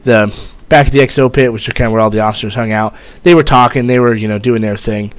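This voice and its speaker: A man's voice: mid-range voice, fairly even intonation, fast, smooth, no room sound. A young man, a former Marine, telling a story in a rambling, profane way, full of fillers. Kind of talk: casual storytelling vlog.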